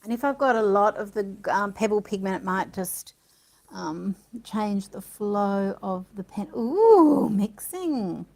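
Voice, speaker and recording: Speaking a little slowly in a mid-range voice, a woman who presents art supplies chats and thinks aloud through a relaxed demonstration, gasping with delight now and then. Audio quality is poor.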